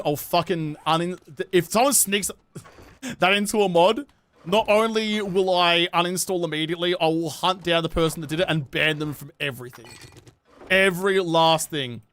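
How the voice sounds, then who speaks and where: A man's voice: high-pitched, moderate pace, a bit bright. A young Australian man livestreaming a game, bantering with chat in a sweary, sarcastic, rambling way. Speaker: streamer. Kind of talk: casual gameplay livestream chat.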